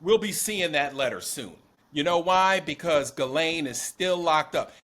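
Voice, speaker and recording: A man with a high, lively voice co-hosts a casual political chat. His tone is bright and forceful, and he drives each point home with emphatic insistence. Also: a little slow. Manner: animated, emphatic, predicting. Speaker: podcast co-host.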